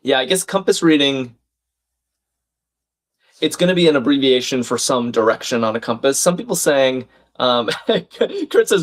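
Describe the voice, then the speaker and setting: A man's voice: mid-range voice, big pitch swings, a little slow. A man hosting a live crossword stream, thinking aloud, reading out viewers' chat comments and laughing often.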